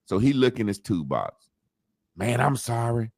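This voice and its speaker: In clean studio sound with no echo, a podcast co-host with a medium-pitched voice unhurriedly spins a long story in casual conversation. He swears freely and animatedly acts out what other people said.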